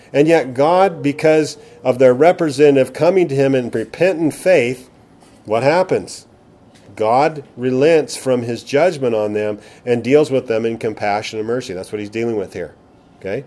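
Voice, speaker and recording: A man's voice: mid-range voice, measured pace, mellow. A middle-aged man preaching a Bible teaching sermon, conversational, asking rhetorical questions and checking in with "okay?". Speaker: pastor.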